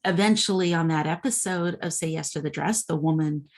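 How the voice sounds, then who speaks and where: A woman with a notably low voice gives an informal recorded lecture. She talks conversationally, with plenty of fillers and restarts as she explains. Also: brisk. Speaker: instructor.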